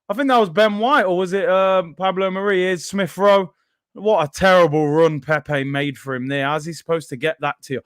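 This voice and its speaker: A young man hosting a live football watchalong, reacting loudly to the play and then talking himself back down. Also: sits high, normal speed. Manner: excitable, shouts at big moments, then calms himself down. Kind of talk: live match watchalong commentary.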